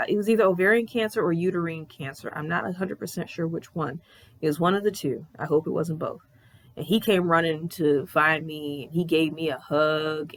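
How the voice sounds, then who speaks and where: A woman in her thirties telling a personal story on her vlog in a candid, animated way, swearing freely. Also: sits low. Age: 30s. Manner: candid, profane, animated retelling. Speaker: vlogger.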